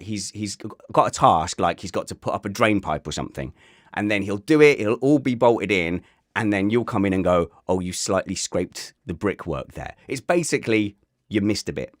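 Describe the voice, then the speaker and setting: A man's voice: fairly low pitch, no echo, clean studio sound. A man hosting a casual podcast, jokey and self-mocking. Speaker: podcast host.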